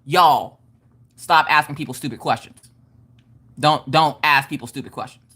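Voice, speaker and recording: A woman's voice: normal speed, a little hiss or hum. A middle-aged woman hosting a craft livestream, chatting casually and reading out viewer comments. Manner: animated, swinging between squeals and low mutters.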